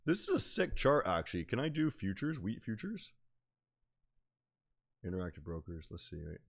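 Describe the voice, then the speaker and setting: A man's voice: on the low side, big pitch swings, moderate pace, creaky. Rambling young man chatting casually. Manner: rambling, filler-heavy, slangy. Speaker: day trading streamer. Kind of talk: casual livestream chat.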